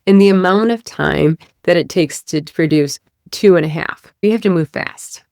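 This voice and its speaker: A woman's voice: lowish voice, moderate pace, vocal fry, a little mellow, no echo, studio quality. A woman speech-language pathologist explaining a therapy method, demonstrating sounds and checking in with "right?". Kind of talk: teaching podcast explanation.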